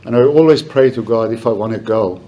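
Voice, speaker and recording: An older man giving a halting, emotional memorial speech for his mother. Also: fairly low pitch, dull audio, slight background noise. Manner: halting, emotional, soft-spoken. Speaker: family member giving a eulogy.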